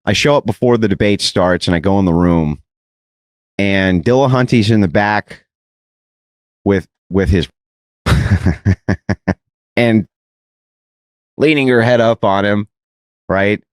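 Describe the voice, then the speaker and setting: A man telling a debate story in an animated, mocking way, mimicking his opponent's voice and laughing often. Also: on the low side, slow, pauses often, no room sound. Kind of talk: animated anecdote on a podcast clip.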